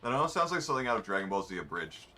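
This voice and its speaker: A man's voice: on the low side, big pitch swings, very fast, bright, forceful tone, soft background music. A man, rambling in wry, offhand asides while commenting on his racing game. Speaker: gamer streaming a race. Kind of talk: casual gameplay commentary.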